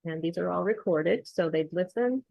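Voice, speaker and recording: Low-voiced woman explaining a lesson. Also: moderate pace, creaky, no room sound, rough recording. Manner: explanatory, steady, with frequent ums. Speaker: accent coach. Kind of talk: screen-share tutorial walkthrough.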